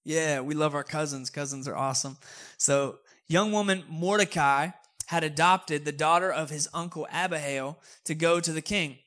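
A man's voice: on the high side, steady tone, normal speed, a bit bright. A man preaching a sermon in a casual, joking, conversational way. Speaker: pastor.

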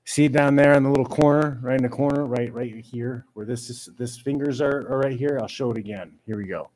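A man giving ranting commentary on a fight, exasperated and mocking, mimicking critics in a high whiny voice. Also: fairly even intonation, brisk, darkish tone. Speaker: MMA commentator.

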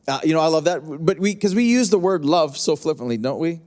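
A middle-aged man preaching a sermon as pastor, in a conversational, repetitive style that slows down to stretch key lines. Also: high-pitched, a little mellow.

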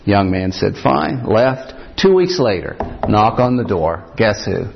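A male pastor with a low, gravelly voice tells a story from the pulpit. He is unhurried and often pauses with "uh" and "he said". The sermon recording sounds dull and lo-fi. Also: animated, slight background noise.

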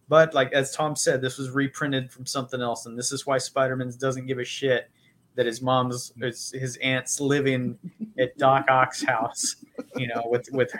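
A man co-hosting a podcast in loose, rambling chat. He swears freely and drifts from point to point in an ordinary middle-pitched voice. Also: a bit bright, slight background noise. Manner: profane, rambling, puts on mock accents. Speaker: podcast co-host. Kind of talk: casual comedic chat.

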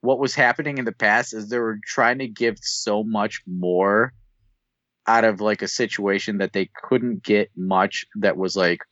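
A man's voice: fairly low pitch, unhurried, a bit bright, dry recording, muffled recording. A man in casual conversation about a TV episode, rambling with fillers. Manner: rambling, many fillers and restarts.

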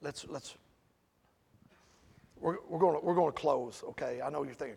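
A man preaching a sermon in a conversational way, asking the congregation questions and building to loud, emphatic peaks. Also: on the high side, moderate pace, creaky, long pauses, slightly rough.

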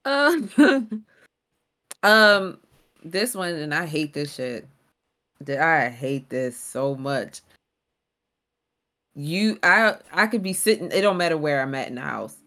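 Young woman, lowish voice, casual podcast chat, earnest and patient, mildly exasperated. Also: animated, slow pace, pauses often, fairly bright tone. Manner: earnest, explains her complaint patiently with some exasperation. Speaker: podcast co-host.

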